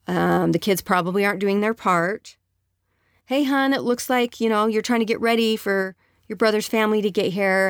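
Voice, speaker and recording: A woman's voice: medium pitch, no echo, clean studio sound. A woman speaking earnestly and conversationally, giving relationship advice to other women.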